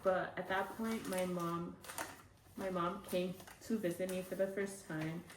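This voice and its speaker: A woman's voice: fairly low pitch, fairly even intonation, a little slow, noisy background. A young woman telling a personal story in a casual vlog, chatty and full of fillers. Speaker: vlogger. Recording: echoey room from a far mic.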